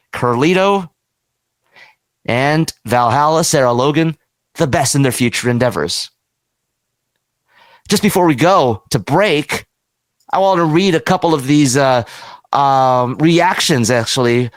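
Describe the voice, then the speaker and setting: Higher-voiced male radio host, dry studio sound. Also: dry recording. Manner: conversational, reads listener reactions aloud, gets emotional. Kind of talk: casual radio talk show commentary.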